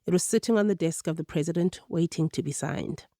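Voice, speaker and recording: A woman narrating a radio documentary in a measured, clear storytelling manner. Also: on the low side, warm tone, dry recording, clean studio sound.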